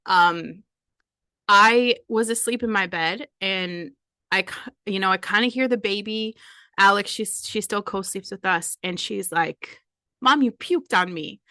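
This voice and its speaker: A woman's voice: mid-range voice, measured pace, pushed and bright, no room sound. A woman in her forties hosting a podcast, making a candid personal confession while holding back tears. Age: 40s. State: close to tears. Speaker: podcast host.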